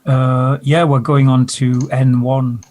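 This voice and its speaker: A man's voice: medium pitch, flat delivery, slow pace, a little mellow, a little hiss or hum. A man who plays tabletop games online, telling viewers casually where to find him. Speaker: player. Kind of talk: casual chat.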